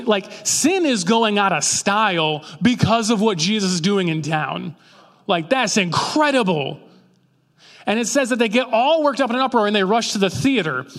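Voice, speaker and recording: A man's voice: high-pitched, fairly bright tone. A man preaching a casual sermon, talking conversationally and acting out the people in the story with jokey voices. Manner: conversational, acts out quoted characters with jokey voices. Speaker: pastor. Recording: long reverb of a large hall.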